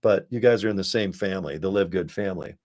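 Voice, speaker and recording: A man's voice: sits low, quick pace. Rambling, chummy American man on webcam. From United States. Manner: rambling, chummy, animated asides with acted quotes. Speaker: network marketing promoter. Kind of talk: casual webcam pitch to viewers. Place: home desk setup with screens and ring light.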